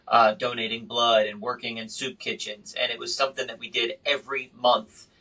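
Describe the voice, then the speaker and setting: A man hosting a podcast, chatting casually and telling stories in an animated way. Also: mid-range voice, brisk, recorded from a distance, poor audio. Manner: animated storyteller. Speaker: podcast host and magician. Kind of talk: casual interview chat.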